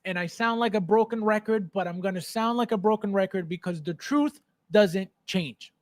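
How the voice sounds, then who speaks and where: Speaking at a moderate pace in a high voice, this male livestream host delivers an unscripted rant that is blunt, profane, emphatic, and repetitive. He also reads out comments from viewers, and there's no room sound on the recording.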